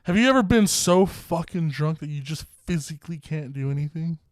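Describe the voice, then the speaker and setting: A man's voice: fairly high pitch, lively intonation, brisk, no echo. A young man co-hosting a podcast, telling a bar story in casual, profane, laughing chat. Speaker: podcast co-host.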